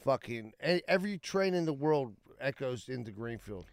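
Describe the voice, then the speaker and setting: Gravelly, swearing man. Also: medium pitch, big pitch swings, moderate pace, dry recording, studio quality. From Pittsburgh. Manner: swearing, joking. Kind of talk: casual chat.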